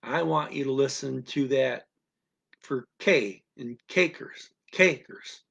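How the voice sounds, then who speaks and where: A man's voice: medium pitch, creaky, husky, muffled recording. A man teaching a listening lesson on a live stream, patient and repetitive, checking in with "okay?" again and again. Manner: slow, patient, repeats instructions with frequent "okay?". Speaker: language teacher.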